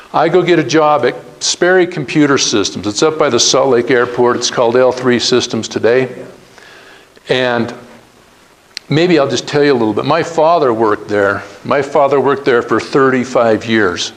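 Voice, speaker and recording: On poor audio, a medium-pitched middle-aged man shares his career story with students as a guest speaker. His anecdotal storytelling is earnest, and he performs the quoted dialogue.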